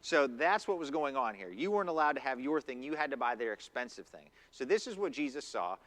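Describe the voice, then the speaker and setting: Bright-voiced man preaching casually. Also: medium pitch, fairly quick. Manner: conversational, animated preaching with acted-out quotes. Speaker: pastor. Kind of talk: sermon. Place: church sanctuary.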